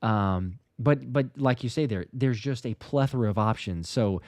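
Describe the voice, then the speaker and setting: A man hosting a casual livestream chat, talking in a halting way that repeats words and often restarts. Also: mid-range voice, darkish tone, no room sound, studio quality. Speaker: show host.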